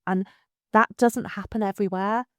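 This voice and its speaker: A woman speaks in an animated, conversational way, stumbling over repeated words as she picks up a thought again. Her voice sits in a middle pitch, and the recording is dry and close with no room sound. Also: moderate pace, smooth, no room sound. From England. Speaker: city culture director, guest. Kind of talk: conversational interview.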